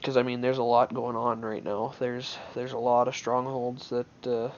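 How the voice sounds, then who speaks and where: A man's voice: medium pitch, flat delivery, normal speed, darkish tone, highs cut off. A man giving casual gameplay commentary on his own match, thinking aloud in an offhand way with many restarts.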